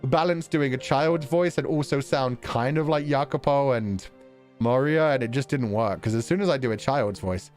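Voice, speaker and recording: A young man streaming casually, chatting with viewers in an animated way, laughing often and swearing casually. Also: medium pitch, normal speed. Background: faint background music.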